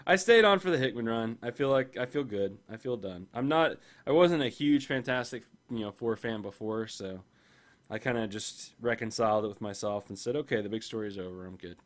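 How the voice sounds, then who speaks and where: A man co-hosting a casual comics podcast, joking and often laughing. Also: normal speed. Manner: jokey, laughs often, goes loud and high when amused. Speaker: podcast co-host.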